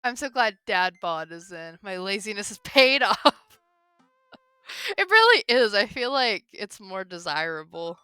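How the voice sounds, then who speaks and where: A woman's voice: medium pitch, big pitch swings, measured pace, bright, forceful tone, smooth, no room sound, clean studio sound. A young woman casually commentating a game stream, chatty and giggly, reading dialogue aloud. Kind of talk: casual let's-play commentary.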